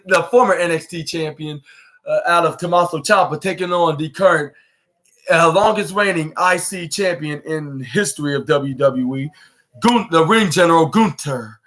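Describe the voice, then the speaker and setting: A man's voice: fairly high pitch, fairly bright tone. A man hosting a podcast, recapping a wrestling show in a casual, rambling way, full of fillers and restarts. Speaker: podcast host.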